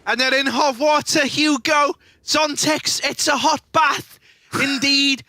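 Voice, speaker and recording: A man's voice: extremely high pitch, steady tone, takes it slowly, sharp tone, a little hiss or hum. A man casting an esports match, theatrical and exclamatory, swapping jokes with his co-caster. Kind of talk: excitable color commentary.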